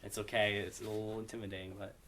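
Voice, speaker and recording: A man's voice: fairly low pitch, flat delivery, fast, fairly bright tone. A young man teaching a casual beginner Greek class, explaining patiently and asking his students for questions. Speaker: Bible study Greek teacher.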